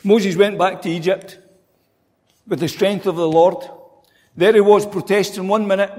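A man's voice: high-pitched, fairly even intonation, normal speed, long pauses, mellow. A man preaching a sermon in a conversational way, asking rhetorical questions. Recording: long hall reverb.

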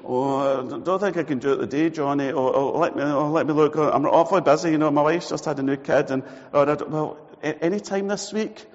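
A flaky friend, voiced by a preacher, gabbles excuse after excuse. His slightly high voice hurries along. The sound is dull and carries a long hall reverb. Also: brisk, few pauses, lightly acted. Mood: evasive. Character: evasive, flaky male friend making excuses.

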